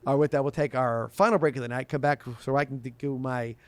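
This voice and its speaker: A male sports radio host fields listener questions in casual talk-show chat, his medium-pitched voice fairly even and fast. The recording is dry, and he rambles loosely, frequently restarting sentences.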